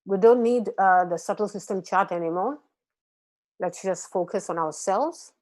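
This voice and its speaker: A woman from Malaysia guiding a group through a gentle voice and breathing exercise, patient and encouraging. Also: medium pitch, normal speed. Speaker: voice and meditation instructor. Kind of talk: guided voice exercise class.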